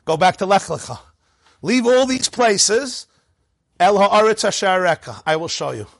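A man with a high, very lively voice leads a Torah class, bouncing between rhetorical questions and quick jokes. His delivery is animated and playful. The recording is dry and close. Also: vocal fry, no echo. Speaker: rabbi teaching a class.

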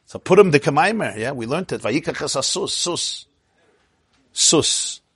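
Husky-voiced man teaching a lively class. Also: a little high, a little slow, dry recording. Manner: chatty, digressive, laughs often, quizzes listeners. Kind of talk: informal Torah class lecture.

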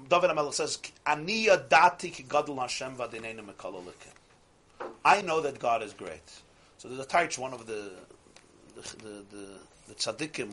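Man, rabbi giving a Torah class, husky voice. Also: a little high, fairly bright tone. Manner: conversational, asks the class questions, repeats phrases, uses Hebrew and Yiddish terms.

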